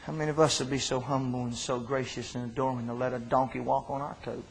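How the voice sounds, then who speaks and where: A man preaching an impassioned sermon in a church, with fervent, drawn-out delivery and answers from the congregation. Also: medium pitch, little pitch movement, vocal fry, slight background noise, poor audio. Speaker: pastor.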